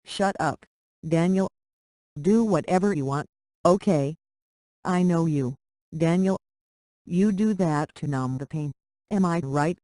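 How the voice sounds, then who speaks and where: A reader voicing a gentle, loving young woman who is dying, speaking softly and weakly. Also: medium pitch, slow, long pauses, no room sound, natural voice. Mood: tender. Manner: soft, weak delivery.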